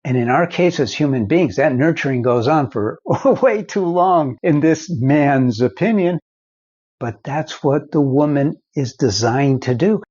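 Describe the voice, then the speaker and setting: Older man, husky voice, slow unhurried pace, folksy marriage advice, lo-fi recording. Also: on the high side, animated, a little mellow. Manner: slow, folksy storytelling with acted-out quotes. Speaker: marriage counselor and foundation founder. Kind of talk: advice monologue to camera.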